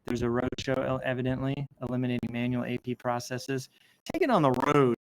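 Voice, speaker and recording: Poor audio with slight background noise captures a man of medium pitch speaking a little fast. He's hosting a casual show, reading social media posts aloud and drifting into enthusiastic asides, interrupting himself in rambling commentary.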